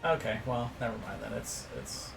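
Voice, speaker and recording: A man's voice: medium pitch, moderate pace, creaky, music in the background. A man playing a tabletop game, talking casually and joking. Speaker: player.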